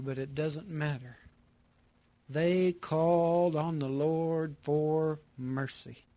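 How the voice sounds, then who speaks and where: A man preaching a sermon, repeating his phrases with emphasis and moving between loud bursts and hushed lines. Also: on the high side, no room sound.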